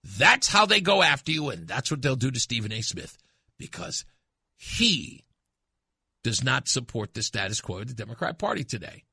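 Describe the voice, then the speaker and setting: Animated, bright-voiced talk radio host. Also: male voice, mid-range voice, moderate pace, gravelly, husky, dry recording, studio quality. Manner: emphatic and impassioned, swings from loud to hushed.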